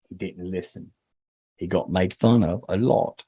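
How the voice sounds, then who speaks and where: A man's voice: sits low, unhurried, mellow, slightly rough. A man co-hosting a podcast in casual chat, rambling and swearing, with lots of fillers. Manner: rambling, profane, filler-heavy. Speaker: podcast co-host.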